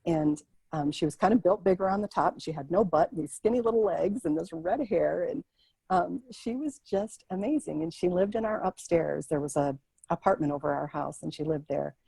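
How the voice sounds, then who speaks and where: A woman guest in an interview, telling a personal story in a vivid, expressive way, often restarting her sentences. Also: fairly low pitch, normal speed, creaky, breathy edge, dry recording, low-quality recording. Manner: vivid, expressive, animated retelling with many restarts.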